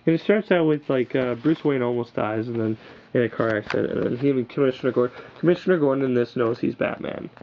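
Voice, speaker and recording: A man talks through his favorite comic books in a rambling, excited way, often stopping to add filler words. His voice sits at a middle pitch. It was recorded on a camera's built-in mic, so the sound is dull and lo-fi with a faint hiss. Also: quick pace, creaky. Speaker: comic book reviewer. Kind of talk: casual rambling review.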